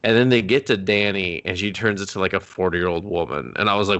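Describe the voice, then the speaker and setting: A man from Canada co-hosting a casual movie review chat, sarcastic and profane, slipping into quick mock voices for the characters. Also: sits low, a bit bright. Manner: sarcastic, swearing, acts out characters in quick asides. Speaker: podcast co-host.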